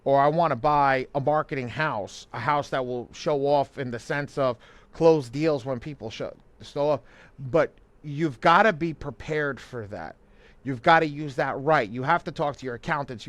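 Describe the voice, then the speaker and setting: The recording is dry, and his mid-range voice has a fairly bright tone. He is a credit coach co-hosting a live online money class, speaking loosely with many restarts and ready laughter.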